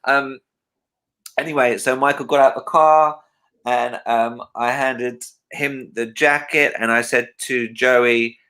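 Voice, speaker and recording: Guy hosting a livestream, bright forceful voice, rambling story with lots of ums. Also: mid-range voice, slow, smooth. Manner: rambling, many fillers and restarts, animated when quoting. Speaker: livestream host.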